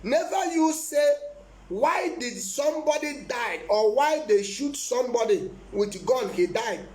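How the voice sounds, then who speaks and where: A man's voice: extremely high pitch, expressive, a little slow, darkish tone, echoey room. A man preaching as a prophet in a live-streamed sermon, emphatic and repetitive, often breaking into laughter.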